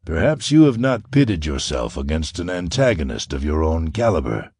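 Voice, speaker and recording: Villain: man doing a silky, murmuring male scientist, low and threatening, dry close sound. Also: wildly swooping pitch, slightly rough, no echo, exaggerated voice. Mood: veiled threat. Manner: quiet, slow, silky menace. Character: menacing, soft-spoken mixed-breed male scientist villain.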